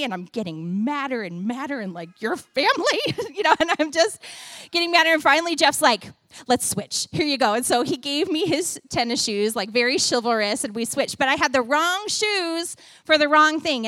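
A middle-aged woman giving a sermon with a children's object lesson, animated and playful as she talks to the kids and the congregation. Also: high-pitched, fairly quick, no room sound. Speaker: church speaker giving a children's message.

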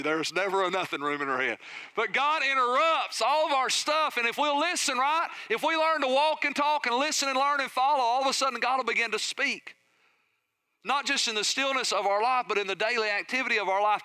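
A middle-aged man, a pastor preaching a sermon with energetic storytelling and questions to his congregation. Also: very high-pitched, clear, resonant tone, dry recording.

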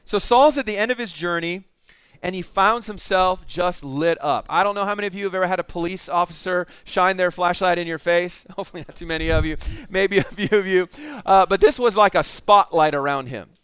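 A man's voice: high voice, a little fast, fairly bright tone, clear, resonant tone, no room sound. A middle-aged male pastor preaching a sermon, telling the story with animation and acting out the voices in it.

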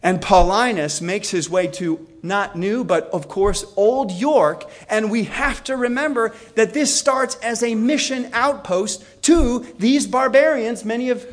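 High-voiced man giving a lively lecture. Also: unhurried, few pauses. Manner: storytelling, acts out quotes with shifts in pitch. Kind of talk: animated history lecture.

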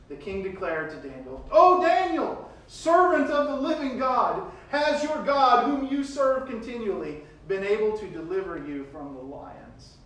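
A man preaching a sermon, reading scripture verses aloud and retelling them with big swings between loud and quiet. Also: a little high, very echoey, recorded from a distance, slight background noise, poor audio.

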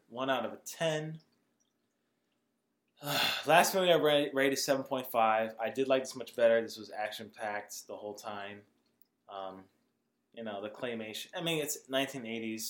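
Reviewing a movie with his podcast co-host, this man talks in a mid-range, slightly bright voice at a moderate pace, the sound roomy. He's casual, full of "like," and laughs a lot.

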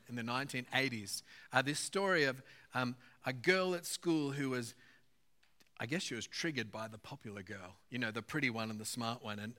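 A man's voice: on the high side, fairly bright tone. A man preaching a sermon in a conversational style, with fillers and rhetorical questions to the congregation. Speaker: pastor.

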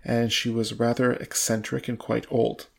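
A man reading the lines of a proud, vague, old-fashioned gentleman host in an airy, offhand voice, close to his own gravelly tone. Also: medium pitch, monotone, normal speed.

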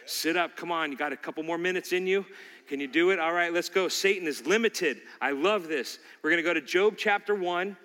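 A man's voice: a little high, sharp tone. A man preaching a sermon as a pastor, quoting scripture and acting out the devil's lies before answering them. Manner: preaching with rising intensity, acting out Satan's lies. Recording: long hall reverb.

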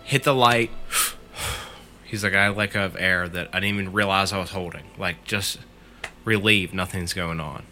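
A man's voice: sits low, moderate pace, sharp tone, faint music behind. A man casually retelling a friend's scary story in the first person, swearing freely as he goes.

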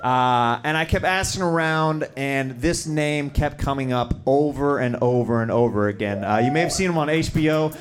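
A man's voice: mid-range voice, moderate pace, hardly any pauses. A man hosting a comedy show, introducing the next comedian and hyping him up. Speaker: show host introducing comics. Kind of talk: stage introduction. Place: comedy club stage. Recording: club with music and crowd.

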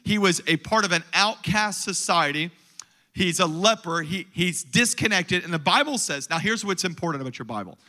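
Pastor, male, high bright voice, animated sermon delivery that rises to loud declarations and drops to low asides. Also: moderate pace.

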